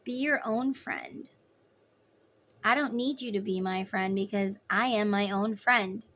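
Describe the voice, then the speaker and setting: A woman's voice: mid-range voice, measured pace, a bit bright. A woman giving a casual tarot reading, talking in an emphatic, chatty way. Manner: emphatic, chatty, acts out voices in quotes. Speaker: tarot reader.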